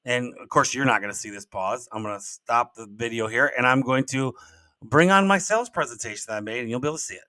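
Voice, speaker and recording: An older man with a bright, forceful voice, hosting a solo podcast. He tells stories casually and rambles in a folksy way, often restarting with repeated words. The sound is dry and close, with little room in it. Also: medium pitch, quick pace, no echo. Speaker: podcast host and business coach.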